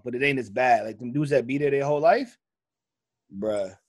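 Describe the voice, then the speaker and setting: A man in casual chat, telling anecdotes with slang and lively put-on voices. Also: medium pitch, normal speed. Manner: animated storyteller, slangy.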